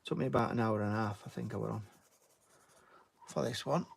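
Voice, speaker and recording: A man's voice: lowish voice, brisk, gravelly, husky. A British man chatting casually while giving a drawing tutorial and thanking viewers. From Britain. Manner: chatty, reads out viewer names and thanks them, "mate". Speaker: artist live-streaming.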